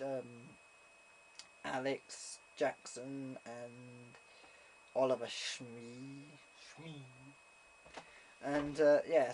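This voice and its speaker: A man's voice: medium pitch, a little hiss or hum. A young man telling a rambling, casual vlog story full of ums and restarts. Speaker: vlogger. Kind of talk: casual chat.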